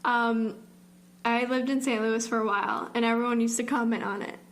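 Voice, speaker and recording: A woman's voice: a little high, steady tone, moderate pace. A young woman co-hosting a podcast, chatting casually about a true-crime case and filling her speech with "like". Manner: rambling, fills speech with "like". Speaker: podcast co-host.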